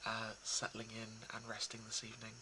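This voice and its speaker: A man talking casually and reflectively to his viewers, soft and hesitant, with many pauses and restarts. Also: fairly low pitch, completely flat delivery, background noise. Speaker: poetry reader.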